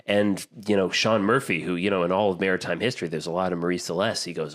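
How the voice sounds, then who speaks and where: A man hosting a casual podcast, retelling a movie scene by scene with animated energy. His voice sits a little low for a man, and he jumps quickly between asides. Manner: animated storytelling, quick asides, acts out quotes. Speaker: podcast host. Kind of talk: casual chat.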